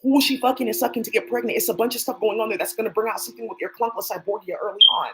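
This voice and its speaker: Against a noisy background, a woman hosting her own channel speaks rapidly in a rambling, profane monologue, calling out to people who are not present. Her voice runs high with fairly even intonation.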